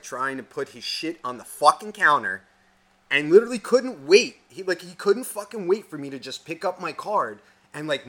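A young man co-hosting a podcast, telling a story in a casual, profane, animated rant. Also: fairly high pitch. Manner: swears constantly, animated ranting. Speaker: podcast co-host.

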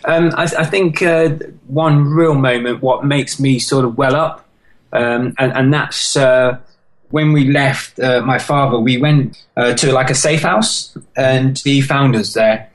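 A British man speaks as a podcast guest, recounting his own story in earnest, halting bursts. His voice sits at an ordinary middle pitch, and the telling stays emotional and sincere throughout. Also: steady tone, rough recording. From United Kingdom. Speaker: podcast guest, marathon runner. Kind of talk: personal life story in an interview.

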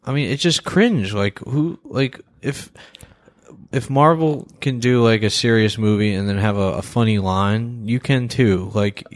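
A man's voice: fairly low pitch, unhurried, dry recording. A man talking casually and bluntly on a movie podcast, rambling with lots of fillers and the odd swear word. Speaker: podcast co-host. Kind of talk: casual movie-review chat.

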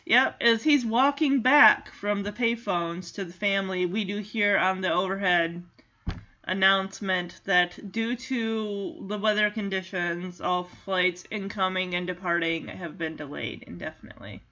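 Chatty bright-voiced woman recapping a movie. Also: mid-range voice, steady tone, unhurried, lo-fi sound. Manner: chatty, reactive, heavy use of "like". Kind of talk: casual movie recap commentary.

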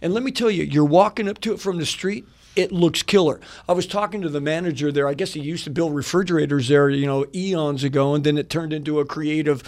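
Gravelly animated pastor telling a story. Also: male voice, on the high side, fast talker. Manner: animated, rambling, many fillers, laughs often. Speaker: pastor, radio guest. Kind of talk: casual storytelling. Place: radio studio.

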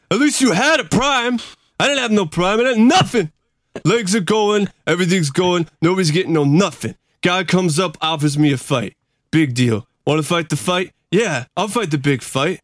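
A man doing an impression of a worn-out aging boxer, reciting a movie quote in a loud, raw, pleading voice. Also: high voice, dry recording, clean studio sound, voice pushed up. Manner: loud, raw, rising anguished film-quote delivery.

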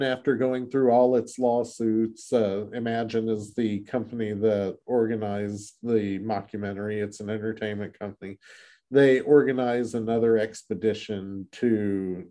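Mellow-voiced man chatting about a book. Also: lowish voice. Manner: rambling, many restarts and fillers. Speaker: podcast co-host. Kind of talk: casual book discussion.

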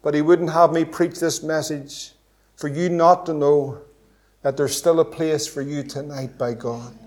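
Male pastor with a high voice, impassioned sermon with big loud and hushed swings. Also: steady tone, a little slow. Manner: impassioned, rhetorical questions, sudden swings between loud and hushed. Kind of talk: evangelistic sermon.

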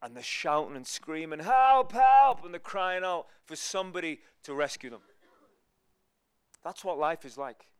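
A man preaching as a guest speaker, telling stories in a relaxed, conversational way. His voice sits a little high and sounds smooth and resonant. The sound is dry and close. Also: moderate pace, no room sound. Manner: conversational, storytelling, swings between loud and hushed. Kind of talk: sermon.

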